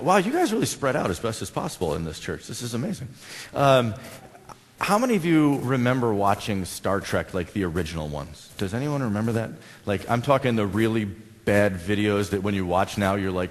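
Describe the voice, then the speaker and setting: Male American pastor, chatty sermon delivery with questions to the pews, long church reverb. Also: fairly low pitch. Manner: conversational, asks the congregation questions. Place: church sanctuary.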